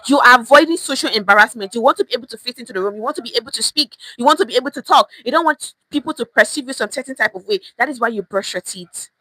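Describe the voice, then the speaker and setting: Bright, upbeat Nigerian woman teaching. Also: a little high, expressive, dry recording. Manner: chatty, repeats phrases, mixes pidgin, quick laughs. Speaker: language teacher. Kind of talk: online language lesson.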